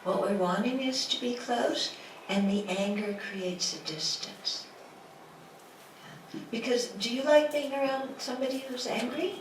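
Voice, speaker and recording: A woman's slightly high voice moves a little slowly through a dharma talk in a lecture room. As a Buddhist teacher, she throws rhetorical questions at the audience and plays out quotes in a lighthearted way. The room echoes, and the distant recording carries noise.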